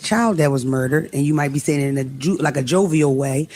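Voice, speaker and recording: A man making his case in a podcast debate. He talks fast and firmly, and his voice sits a little high. He presses his point without slowing down. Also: a little mellow. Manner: firm, rapid, argumentative.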